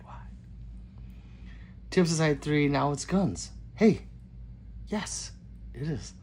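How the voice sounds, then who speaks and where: A man hosting his own gun channel livestream, reading viewer comments aloud and joking back in a loose, casual way. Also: mid-range voice. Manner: loose, joking, swings between loud greetings and mutters. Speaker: gun channel host reading live chat.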